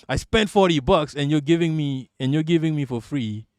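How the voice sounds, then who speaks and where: Profane, animated male streamer, dry sound. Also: fairly high pitch, normal speed, dry recording. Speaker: livestream host. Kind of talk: casual livestream chat.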